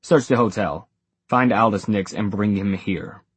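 A man's voice: lowish voice, a little slow, no echo. Man voicing a stern male warrior captain. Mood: commanding. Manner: clipped, gruff.

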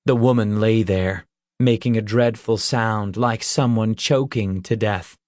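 A man narrating an audiobook in measured, even storytelling. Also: fairly low pitch, dry recording, studio quality.

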